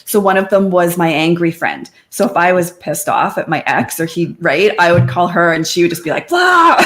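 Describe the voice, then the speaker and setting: Woman telling her story, low-pitched voice. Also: a little fast, hardly any pauses, soft background music. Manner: open and conversational, quotes friends in lively voices. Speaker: podcast guest. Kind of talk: candid personal interview.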